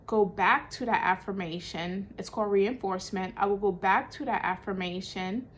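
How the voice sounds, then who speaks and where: A woman gives spiritual guidance in a relaxed teaching monologue. Her voice sits in a middle pitch, and she often stops to correct herself. A faint background noise sits under the voice. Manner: loose, conversational, many fillers and self-corrections.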